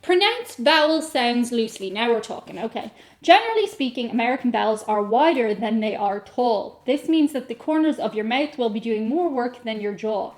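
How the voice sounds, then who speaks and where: A woman's voice: on the high side, animated, brisk, a little mellow. Playful Irish woman, chatty vlogger. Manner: playful, self-mocking, reads aloud and riffs. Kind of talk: casual comedic chat to camera.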